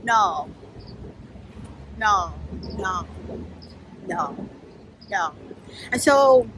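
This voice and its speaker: A woman's voice: a little high, a little hiss or hum, low-quality recording. Blunt, profane woman telling a personal story. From New York. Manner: blunt, profane, animated, acts out quoted voices. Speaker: spiritual life coach.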